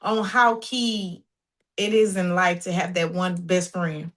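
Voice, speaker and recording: A woman hosting a faith talk show who asks questions in a deliberate way. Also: fairly low pitch, a bit bright. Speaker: podcast host.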